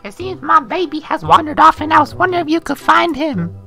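A woman doing a squeaky worried game mom. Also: expressive, brisk, vocal fry, sharp tone, soft background music, full character voice. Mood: pleading. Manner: sing-song, very high put-on voice.

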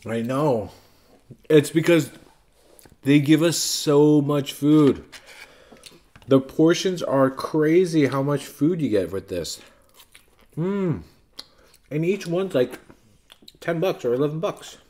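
Dad vlogger in his 30s, patient n gentle w his kid while eating, slow easy talk, warm mellow tone. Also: on the high side, animated. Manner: gentle, patient, talking to a child between bites. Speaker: family vlog host. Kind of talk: casual family chat while eating.

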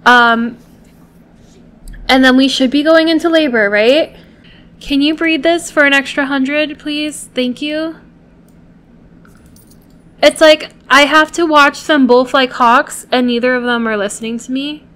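A woman's voice: high-pitched, fairly even intonation, unhurried, long pauses, fairly bright tone. A woman hosting a gameplay video, chatting casually to viewers and coaxing and pleading with the characters she controls.

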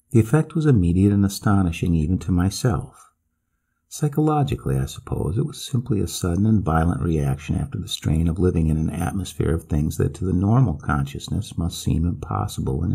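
Male storyteller with a very deep, gravelly, husky voice who reads a spooky tale in a measured, expressive way. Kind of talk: scripted narration of a classic ghost story.

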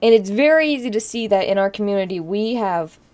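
Brisk and a little mellow, this mid-range female voice has lively intonation. The young streamer in her twenties chats on a live stream, emotional and laughing through tears while rambling with plenty of fillers.

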